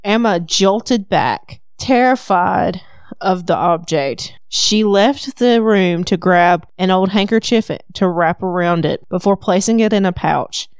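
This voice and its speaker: A woman's voice: mid-range voice, measured pace, hardly any pauses, clean tone, dry recording, clean studio sound. A woman with a Southern accent, hosting a podcast and retelling a story in casual chat. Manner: storytelling, laughs easily. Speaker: podcast host. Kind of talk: casual book recap chat.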